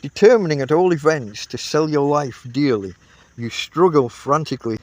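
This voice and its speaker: A man reading a classic comic novel aloud as an audiobook, telling it in an unhurried, expressive way. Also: on the high side, dry recording. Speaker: audiobook reader.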